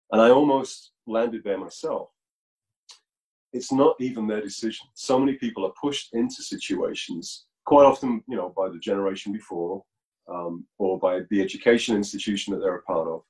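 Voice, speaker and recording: A man being interviewed as a musician over a video call, explaining his views in a reflective, measured way. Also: lowish voice, a little mellow, poor audio. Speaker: musician guest.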